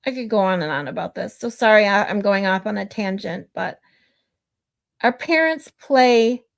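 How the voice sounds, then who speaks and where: A woman's voice: medium pitch, expressive, moderate pace, creaky. A middle-aged woman hosting a livestream who chats casually with viewers, rambles off on tangents, reads out their comments and laughs often. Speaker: livestream host.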